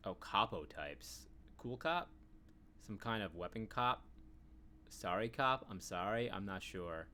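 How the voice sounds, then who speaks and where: A man's voice: fairly low pitch, lively intonation, measured pace, pushed and bright, slight background noise. A man streaming a video game, rambling casually and humming filler syllables while he thinks. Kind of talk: casual let's-play commentary.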